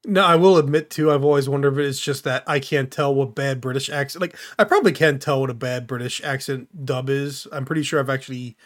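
A man hosting a podcast in casual chat, rambling and animated, laughing easily. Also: mid-range voice, a little fast, few pauses. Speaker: podcast host.

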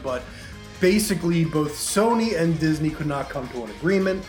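This podcast co-host has a fairly high, expressive, slightly mellow voice at a moderate pace. He rambles chattily about movies and games, using lots of fillers, in an echoey room with faint music behind him.

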